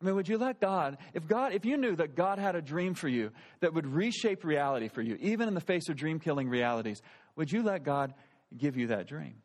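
A pastor in his thirties telling a personal story in a relaxed, conversational sermon and asking his listeners questions. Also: on the high side, a little fast.

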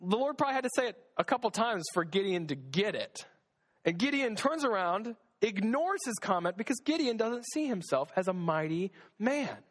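A man's voice: high-pitched, big pitch swings, normal speed. A man giving a casual, conversational sermon, reading scripture and acting out the voices of its figures. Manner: conversational, acts out voices of God and Gideon. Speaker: preacher.

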